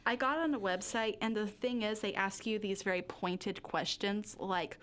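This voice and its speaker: A woman's voice: mid-range voice, moderate pace. A young woman giving a candid personal interview, rambling with lots of fillers and nervous little laughs. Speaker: interview guest.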